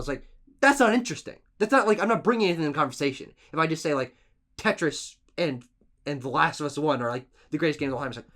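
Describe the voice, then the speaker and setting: Man, podcast co-host: lively, bright, leans hard on his emphasis. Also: on the high side, quick pace. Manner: emphatic, animated list-giving with restarts. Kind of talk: casual podcast chat.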